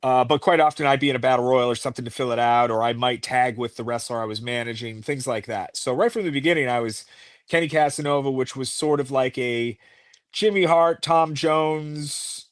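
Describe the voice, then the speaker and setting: A chatty middle-aged American, appearing as a pro wrestling guest, tells rambling wrestling stories packed with fillers in a casual interview. His mid-range voice is steady and brisk, recorded with studio quality and no room sound.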